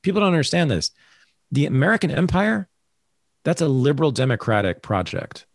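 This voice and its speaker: A man hosting a casual political talk show, ranting in an animated, sarcastic way. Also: on the high side, fairly quick, gravelly, no echo, clean studio sound.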